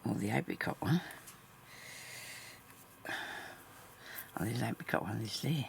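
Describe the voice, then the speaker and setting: A woman who makes craft videos, chatting casually to herself while she sews and mumbling, with her voice often dropping into soft half-whispers. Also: a bass voice, unhurried, vocal fry, a little hiss or hum. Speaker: craft vlogger. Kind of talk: casual talk while stitching.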